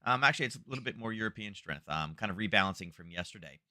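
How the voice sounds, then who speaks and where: A man with a lowish, bright, forceful voice runs a live trading stream. His talk rambles and is full of fillers, with an easygoing, unscripted flow. The sound is dry and close. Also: animated, rapid-fire, no echo. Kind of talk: casual live market commentary.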